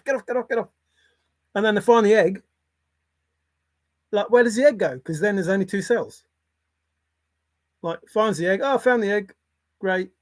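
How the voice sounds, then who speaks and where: An older grandparent hosts a casual livestream, reading chat and rambling irreverently with offhand swearing. The voice sits in the mid range, and the recording is dry.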